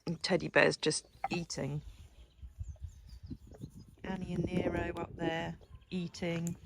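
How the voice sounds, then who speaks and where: A woman's voice: fairly low pitch, flat delivery, slow pace, vocal fry. A woman running a horse sanctuary, chatting in a teasing, laughing way while out at the farm. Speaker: sanctuary owner and vlogger. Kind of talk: casual chat. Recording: noisy outdoor recording.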